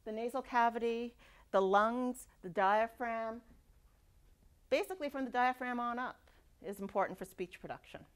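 A woman giving a university lecture, lively and demonstrating speech sounds aloud. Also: a little high, clear, resonant tone. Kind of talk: classroom lecture. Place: lecture hall.

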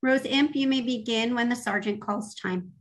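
A woman moderating a remote council hearing, calling each speaker in a measured, formal way over a video call. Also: on the high side. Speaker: committee staff moderator. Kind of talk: formal procedural announcements.

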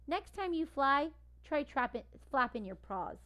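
A woman's voice: high voice, sing-song, unhurried, fairly bright tone, full character voice. A woman reading a storybook aloud, voicing a friendly, chatty male mockingbird.

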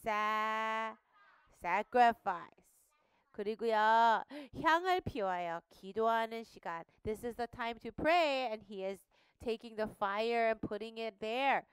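A woman teaching a Bible lesson to young children, asking questions and having them repeat words slowly. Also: fairly high pitch, smooth, no room sound, clean studio sound. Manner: animated, slow and questioning, prompts children to repeat. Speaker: Sunday school teacher. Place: studio.

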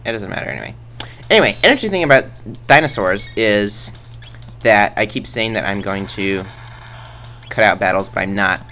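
A man's voice: lowish voice, expressive, moderate pace, pauses often, sharp tone, soft background music. A man rambling through casual game commentary in a goofy, self-mocking way, tossing in silly sound effects. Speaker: let's play host.

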